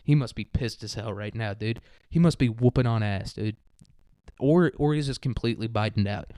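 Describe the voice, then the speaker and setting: A man hosts a podcast, riffing in a loose comedic monologue full of slang and swearing. He laughs often and keeps an easy middle pitch. He is recorded close on the mic in a dry room. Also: moderate pace, a little mellow, no echo. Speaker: podcast host. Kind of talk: casual rambling comedic monologue.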